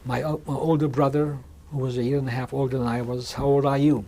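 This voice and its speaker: An older man in his sixties recounts his past in a recorded interview, his voice mellow and dark-toned at a middling pitch. He speaks haltingly, circling back and restarting phrases. A faint hum sits behind him. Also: steady tone. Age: 60s. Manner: halting, with frequent restarts and repeated words. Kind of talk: oral history testimony. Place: museum interview room.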